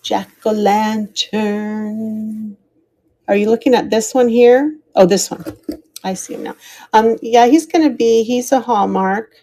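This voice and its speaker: This live jewelry seller is an American woman whose voice sits on the higher side, with a dark tone and a moderate pace. In a casual auction-stream style, she presents pieces, names their starting prices, and thanks individual viewers.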